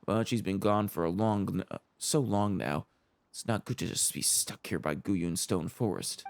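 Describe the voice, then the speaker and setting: Gravelly-voiced man doing game commentary. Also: sits low, normal speed, no echo. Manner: chatty, self-correcting, laughs easily. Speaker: let's play host.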